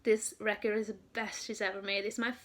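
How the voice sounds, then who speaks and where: A young woman from Norway telling a story in a casual vlog, gushing and excited, with lots of "um" and "like". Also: mid-range voice, fairly quick. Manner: excited, gushing, many fillers. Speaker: vlogger, fan.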